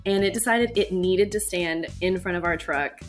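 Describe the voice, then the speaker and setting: A woman's voice: fairly low pitch, moderate pace, soft background music. A woman on a casual panel chat, telling stories in a chatty way with lots of filler words. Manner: chatty storyteller, many filler likes. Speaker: panel member.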